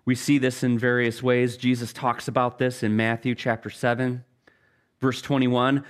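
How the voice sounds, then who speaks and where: A middle-aged man preaching a sermon as pastor, earnest, telling stories and slowing down for key phrases. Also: medium pitch, level tone, clear, resonant tone.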